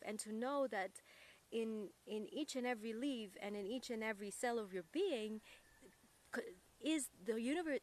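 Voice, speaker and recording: Earnest woman musing in an interview. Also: on the high side. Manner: earnest and searching, pausing to find words. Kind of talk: reflective interview talk.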